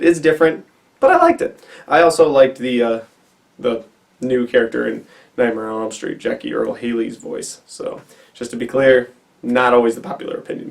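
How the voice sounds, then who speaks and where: Male vlogger, raised pitch, animated casual film review, mic slightly off. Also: recorded from a distance. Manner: animated, quick asides and acted-out quotes. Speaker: movie reviewer. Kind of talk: casual movie review to camera. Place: indoors before a white backdrop.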